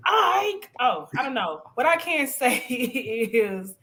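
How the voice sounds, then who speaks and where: A woman on a live review panel, talking in an animated, sassy way and laughing often as she recaps a reality episode. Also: on the high side, slow. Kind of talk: casual show recap chat.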